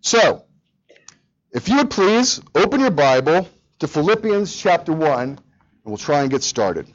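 A pastor preaching a sermon, talking straight to the congregation and to the children, in a lively, animated way. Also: male voice, on the high side, unhurried, muffled recording. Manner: animated, speaks directly to children.

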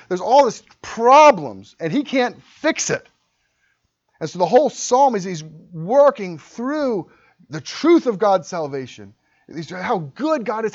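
A man preaching a sermon as pastor, impassioned, dropping to hushed tones and rising to loud cries. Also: on the high side, dull audio.

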